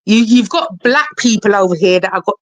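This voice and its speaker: A woman with a South London accent, chatting casually as a guest on a live stream, animated and full of slang. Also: mid-range voice, fairly quick, dry recording. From England. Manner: chatty and animated, slipping into patois and Cockney slang. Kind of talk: casual chat.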